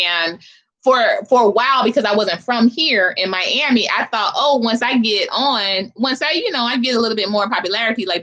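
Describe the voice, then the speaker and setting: A woman's voice: mid-range voice, a bit bright. Young woman from philly, chatty livestream host, talks slangy and straight to the viewers. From Philadelphia. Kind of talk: casual livestream chat with viewers.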